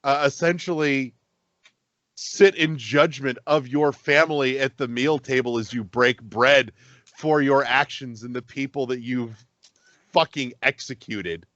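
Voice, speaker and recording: A man's voice: mid-range voice, measured pace, dry recording, lo-fi sound. Rambling, profane man on a podcast. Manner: rambling, profane, animated when excited. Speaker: podcast co-host. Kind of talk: casual podcast chat.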